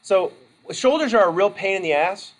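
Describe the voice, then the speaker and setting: A man's voice: sits high, animated, normal speed, low-quality recording. Chatty rambling male instructor. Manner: chatty, rambling, self-interrupting. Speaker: college instructor. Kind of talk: casual classroom lecture. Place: classroom.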